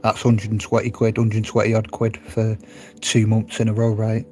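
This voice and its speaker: A man's voice: fairly low pitch, completely flat delivery, normal speed, mellow. A man live-streaming from his phone at home, chatting casually and laughing with viewers as he reads their comments. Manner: chatty and laughing, talks straight to viewers in the chat.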